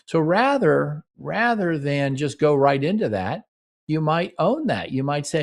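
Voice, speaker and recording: With a fairly high, sing-song voice and a measured pace, a middle-aged relationship talk show host gives earnest, radio-style advice. He plays out brief example exchanges between partners.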